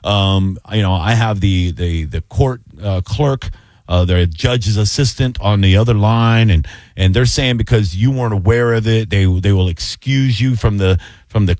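A man telling a story in casual chat, acting out both sides of a phone call with lively voices. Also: on the low side, moderate pace, dry recording. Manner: animated, acts out both sides of phone calls.

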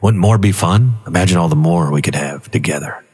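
A man voicing a tempting devil cartoon duck in a low, coaxing tone. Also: fairly quick, a little mellow, husky, in a large hall.

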